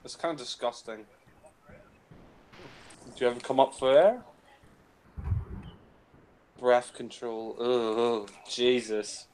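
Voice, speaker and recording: A man talks over a film in a loose, casual fan commentary. His voice sits at an ordinary pitch, and his remarks are blunt and crude, full of "you know" and "like". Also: fairly even intonation, takes it slowly, long pauses, darkish tone, clean tone, low-quality recording. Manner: blunt and crude, with lots of fillers.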